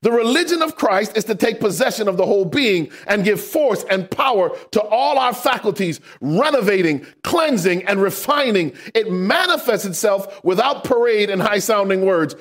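A man preaching a sermon, asking the congregation questions and rising to shouts for emphasis. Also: high voice, moderate pace, few pauses. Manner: animated preaching with call-and-response questions.

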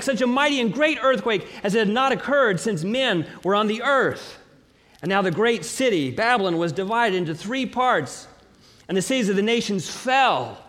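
A man preaching a sermon, reading scripture aloud and building to dramatic, slowly emphasized declarations. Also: very high voice, a bit bright, in a large hall. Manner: preaching with dramatic swells and slow emphatic pauses.

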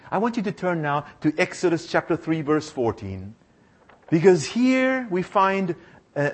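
Male preacher, high voice, animated storyteller who gets the congregation repeating lines. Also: breathy edge. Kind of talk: sermon.

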